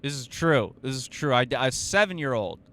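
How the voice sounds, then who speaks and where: A man's voice: medium pitch, expressive, normal speed, a bit bright. A young man telling a story on his podcast, profane and self-mocking, rambling with fillers and restarts. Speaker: podcast host. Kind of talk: casual storytelling monologue.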